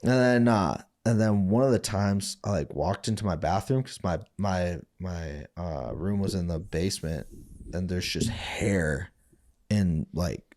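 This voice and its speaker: Low-voiced man telling raw stories. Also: measured pace, a little mellow, no echo, studio quality. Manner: rambling, profane, acts out quoted voices. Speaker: podcast guest, former fighter. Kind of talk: candid storytelling interview.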